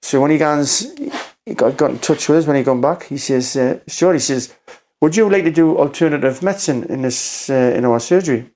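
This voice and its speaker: A man with a Geordie accent, a podcast guest telling a story in a rambling, halting way, acting out quotes with "I says". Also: a little high, darkish tone. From Newcastle, England. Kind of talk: casual storytelling conversation.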